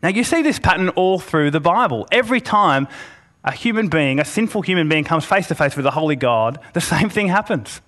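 Male preacher delivering a sermon; earnest, deliberate emphasis, slightly high-pitched. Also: expressive, a bit bright. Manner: earnest, slows for emphasis and reads scripture aloud.

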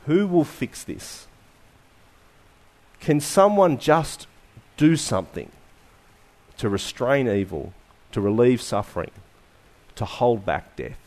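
A male preacher delivering a sermon with a very lively, swinging pitch. He keeps asking his listeners rhetorical questions and lets many phrases sink to soft, quiet endings. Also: takes it slowly, long pauses.

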